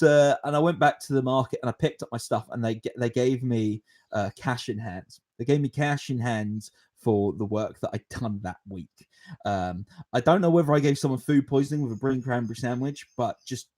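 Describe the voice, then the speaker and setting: A man in his twenties hosting a podcast, telling a rambling story and answering viewer questions in a casual, animated way, with frequent chuckles. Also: lowish voice. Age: 20s. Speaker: podcast host.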